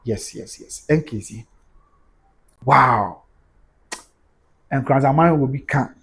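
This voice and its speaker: Husky Ghanaian man hosting a livestream. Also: medium pitch, takes it slowly. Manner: animated, exclamatory, mixing Twi and English. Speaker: livestream news host. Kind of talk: casual livestream commentary.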